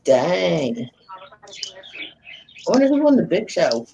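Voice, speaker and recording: A woman's voice: lowish voice, sing-song, takes it slowly, gravelly, mellow, dull audio. A woman talks casually with friends on a live stream. Her voice swings wildly up and down as she chats. She laughs easily, and a faint hiss sits behind her. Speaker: stream participant. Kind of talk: casual group chat.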